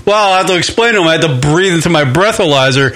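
A man's voice: fairly high pitch, lively intonation, fast, a bit bright. A man hosting a casual radio talk show, swearing often and laughing as he riffs with his co-host. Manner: profane, laughing, riffing.

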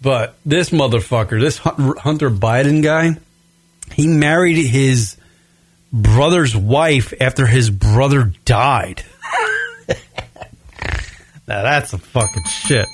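A young American man rants profanely as a radio show host, stretching out key words for blunt emphasis. His voice sits at an ordinary pitch. The recording is very dry and close. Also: takes it slowly, long pauses, slightly rough, no room sound. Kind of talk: profane ranting commentary.

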